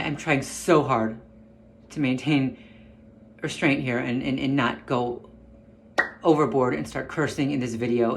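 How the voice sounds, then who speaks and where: A tense speaker rants straight into the camera mic, upset and close to boiling over. The voice is held in check, with words tumbling out, restarts and repeated phrases. This is a personal vlog rant with the anger kept just under the surface. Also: medium pitch. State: upset, on the verge of an outburst. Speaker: vlogger.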